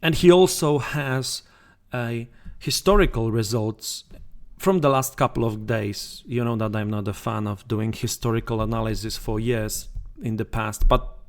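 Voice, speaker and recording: Slow-talking man giving trading advice. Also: medium pitch. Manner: conversational, frequent fillers and restarts, repeats points. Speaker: football trading channel host. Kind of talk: casual talk to camera.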